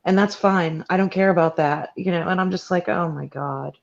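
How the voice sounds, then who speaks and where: A woman's voice: fairly low pitch, flat delivery, fairly quick. A woman joining a casual livestream discussion as a guest over a video call, speaking hesitantly with many restarts. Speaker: guest commentator. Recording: dull lo-fi call audio.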